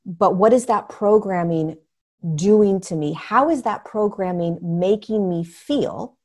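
A woman's voice: mid-range voice, slow pace, a little mellow. A woman guest speaking earnestly and emphatically in casual conversation as a spiritual teacher, often acting out what people say. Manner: earnest, emphatic, acts out quotes.

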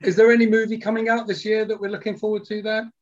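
A speaker with an English accent chatting casually in a relaxed, joking way. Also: medium pitch, fast talker. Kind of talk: casual chat. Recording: dull lo-fi sound.

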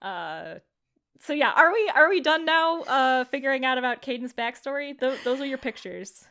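A woman's voice: high-pitched, animated, normal speed, pushed and bright. A woman running a tabletop game, chatty and rambling, with many fillers. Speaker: game master.

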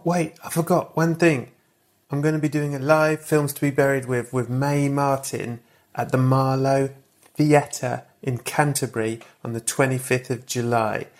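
A man's voice: medium pitch, creaky. A male podcast host giving chatty, self-correcting announcements before the episode. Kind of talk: recorded intro announcements.

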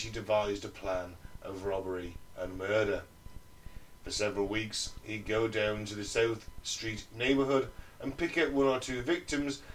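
Bloke co-hosting a podcast, telling a dark story loosely, swears a lot, jokes in between. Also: male voice, mid-range voice, distant mic, a little hiss or hum, poor audio. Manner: sweary, jokey, laughs mid-story. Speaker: podcast co-host. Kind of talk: casual storytelling to friends.

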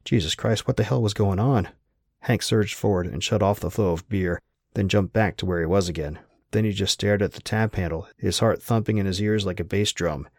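A man narrating an audiobook in a steady, wry storytelling manner. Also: deep voice, dry recording, clean studio sound.

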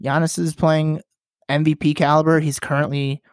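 Guy running the basketball pod, tosses questions out, slightly high, dry mic. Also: little pitch movement, moderate pace, clean tone, no room sound. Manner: leads topics, asks questions. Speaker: podcast host. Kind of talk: casual sports chat.

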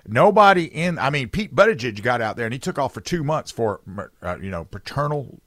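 A man hosting a political talk radio show, talking emphatically with loud bursts, low asides and many restarts. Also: very animated, brisk, few pauses, dry recording.

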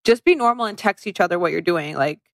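A woman's voice: fairly low pitch, expressive, fast, no room sound. Chatty woman podcast co-host. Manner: rambling, many likes, acts out quotes. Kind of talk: casual chat about movies.

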